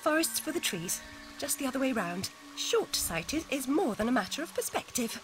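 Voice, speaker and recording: A wry, clipped young heroine in a video game. Her voice is high and lively, leaping up and down. A faint hiss sits underneath. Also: normal speed.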